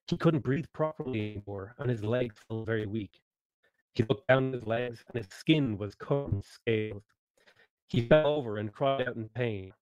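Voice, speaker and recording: Over an online voice call, a man with a medium-pitched voice steadily narrates a tabletop game story, occasionally clearing his throat. The audio has no echo.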